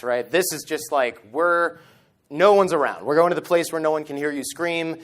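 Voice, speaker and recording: Male conference speaker, 30s, slightly high-pitched, lively storyteller who acts out his quotes. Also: smooth. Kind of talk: storytelling keynote talk. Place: conference stage. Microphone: stage microphone.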